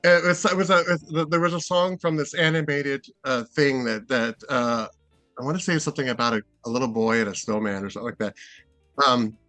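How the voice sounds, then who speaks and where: A man's voice: medium pitch, steady tone, brisk, pushed and bright, no echo, soft background music. A middle-aged man from Seattle, a guest in a casual interview, rambling and hesitant with many fillers and restarts. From Seattle, USA.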